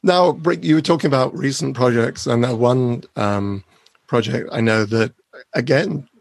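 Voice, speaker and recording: Male host, gravelly and husky, eager reactions, dry close sound. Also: medium pitch, moderate pace, no echo. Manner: enthusiastic, repeats short reactions. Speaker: interviewer host. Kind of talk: casual interview.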